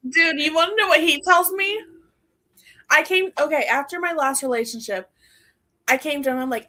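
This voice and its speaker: A woman's voice: sits high, moderate pace, long pauses, pushed and bright. Give me a young woman in a casual podcast chat who laughs as she talks. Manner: laughs often while talking, lots of "like". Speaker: podcast co-host.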